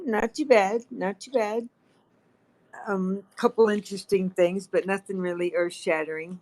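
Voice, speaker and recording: A woman's voice: on the low side, low-quality recording. Frank, frazzled woman on a chat. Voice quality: frank, frazzled, laughs and swears. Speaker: guest co-host. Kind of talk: casual chat.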